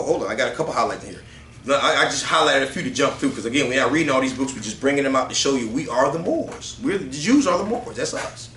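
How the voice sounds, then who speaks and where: Male study leader, casual and conversational, keeps asking the room "right?", bright voice in an echoey space. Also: mid-range voice, slight background noise. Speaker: teacher leading a group study. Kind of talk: religious group study, reading aloud from books.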